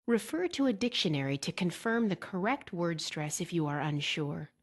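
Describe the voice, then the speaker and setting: A woman reading a scripted exam-preparation lesson in a clear, measured way, slowing down to model example words. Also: on the low side, expressive. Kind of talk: scripted instructional narration.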